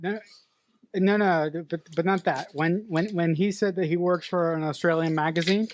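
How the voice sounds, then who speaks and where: A woman's voice: fairly low pitch, steady tone, moderate pace. A woman co-hosting a podcast, giving an emphatic, profane critique of a movie in casual chat. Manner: emphatic, critiquing, swears freely. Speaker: podcast co-host.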